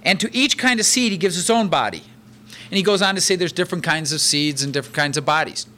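A man preaching a sermon in an animated, conversational way, reading verses and explaining them with everyday examples. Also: fairly high pitch, quick pace, a little hiss or hum. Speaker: pastor.

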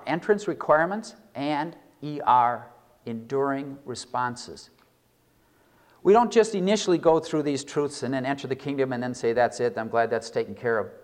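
A man preaching a sermon, reading scripture slowly and stressing key words with big swings in pitch and loudness. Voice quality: expressive, reads scripture slowly and deliberately. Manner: emphatic preaching with wide swings in pitch and volume, slowing on key phrases. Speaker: pastor.

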